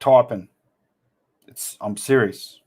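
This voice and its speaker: A man's voice: mid-range voice, takes it slowly, a little mellow. A man hosting a casual livestream, reading viewer comments aloud and answering them with blunt, teasing banter full of slang. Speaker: livestream host.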